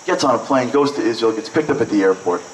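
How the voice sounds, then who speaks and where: A man from Brooklyn, telling lively, joking stories to an audience with lots of "like"s. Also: medium pitch, quick pace, a little hiss or hum. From Brooklyn, New York. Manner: lively, joking, chatty with many "like"s. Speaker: event speaker. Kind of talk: storytelling speech to an audience. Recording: echoey hall, mic at a distance.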